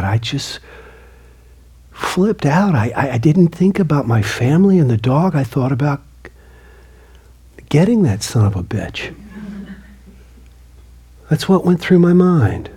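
A man and author giving an earnest storytelling talk, often dropping his voice to a hushed near-whisper. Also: medium pitch, husky. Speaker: motivational speaker and author.

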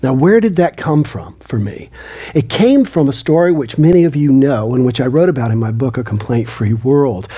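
A man tells a personal story to an audience in an earnest way. His voice is very breathy and husky, with a mellow, warm tone. He often sinks into a hushed near-whisper. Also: mid-range voice, expressive, moderate pace. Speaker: motivational speaker and author.

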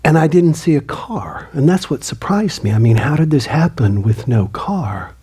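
A man tells a personal story to an audience in an earnest way. His voice is very breathy and husky, with a mellow, warm tone. He often sinks into a hushed near-whisper. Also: fairly high pitch, animated, normal speed. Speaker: motivational speaker and author.

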